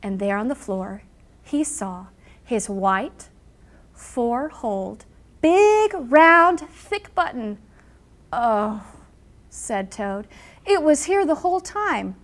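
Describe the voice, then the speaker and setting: A woman teacher reading a picture book aloud to her class, acting out the characters' lines with animated emphasis and pausing to explain. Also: a little high. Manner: animated storyteller, acting out character lines with big loud pushes.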